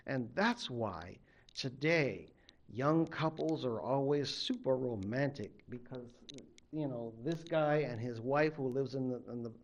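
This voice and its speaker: A man from a Native American tribe, a college literature instructor telling a legend in an animated lecture, acting out the characters. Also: mid-range voice, measured pace. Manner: animated, acts out the characters' voices. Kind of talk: storytelling lecture.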